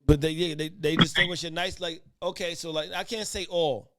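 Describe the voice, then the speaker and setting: A man's voice: fairly high pitch, fairly even intonation, fairly quick, a bit bright. A man hosting a casual podcast debate, who keeps calling for order and talks in rambling restarts. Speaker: podcast host.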